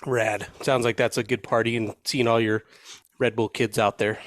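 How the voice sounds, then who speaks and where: A man co-hosting a casual podcast, chiming in with quick, joking asides. His voice is mid-pitched and dry, close to the mic. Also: flat delivery, dry recording. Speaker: podcast co-host.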